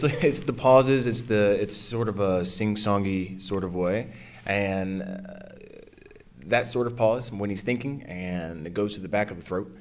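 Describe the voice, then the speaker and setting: An actor answering interview questions in a relaxed, halting way. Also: male voice, fairly low pitch.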